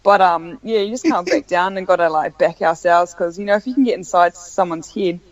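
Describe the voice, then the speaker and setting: A woman with a New Zealand accent, a sports captain talking casually as a podcast guest, laid-back and quick to laugh. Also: lowish voice, dry recording, muffled recording.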